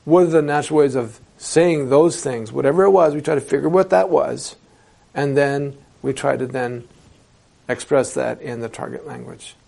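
Male translation instructor, classroom lecture, rough gravelly tone, rhetorical questions to the room. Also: medium pitch, moderate pace, darkish tone.

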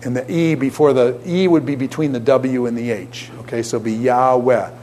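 A man teaching a classroom lecture in an animated way, often asking his students questions. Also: medium pitch, moderate pace, a little hiss or hum.

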